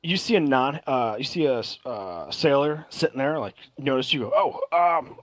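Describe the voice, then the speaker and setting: A man's voice: medium pitch, lively intonation, normal speed, no room sound. A man narrating a tabletop game as game master, rambling with many fillers.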